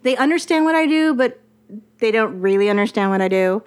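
A woman's voice: a little high, expressive, fairly quick, clear, resonant tone. A woman in her forties, a writer and guest, talking emphatically and repeating herself, with an occasional swear. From United States. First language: Mandarin. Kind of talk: casual interview talk.

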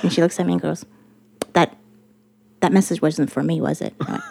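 A woman telling a story about her work in casual chat, animated and profane, acting out what others said. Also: low-pitched, a little fast, creaky, husky. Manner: animated, profane, quotes others in lively voices.

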